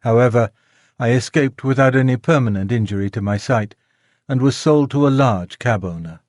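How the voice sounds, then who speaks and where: Measured male audiobook narrator. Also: medium pitch, dry recording, studio quality. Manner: measured, gentle storytelling. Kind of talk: scripted narration of a classic children's novel. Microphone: close studio mic, dry.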